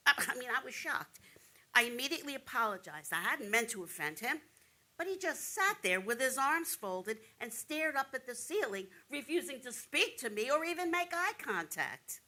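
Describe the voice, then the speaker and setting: An actress performs a frightened woman patient recounting a doctor who refused to treat her. Her voice is bright and forceful and pitched a little high. She turns from hushed to loud in one breath. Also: sing-song, moderate pace, heavily acted. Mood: indignant. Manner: indignant, swings from hushed whispers to loud outbursts. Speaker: stage actor playing a breast cancer patient. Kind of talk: theatrical monologue.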